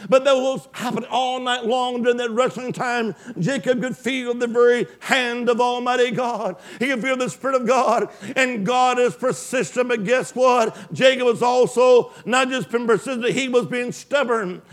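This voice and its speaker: A male preacher delivering an emphatic call-and-response sermon, swinging from loud exclamations to hushed asides. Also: very high-pitched, steady tone, moderate pace, hardly any pauses.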